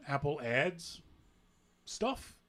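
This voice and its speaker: A man hosting a casual tech podcast, patiently explaining software updates and acting out quotes in an animated way. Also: on the high side, extremely slow. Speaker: podcast host.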